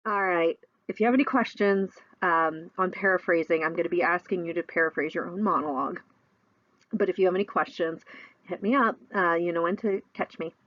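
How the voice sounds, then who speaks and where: A woman's voice: lowish voice, fairly quick, no echo, highs cut off. A middle-aged woman teaching a recorded lesson, explaining in a chatty way with lots of fillers.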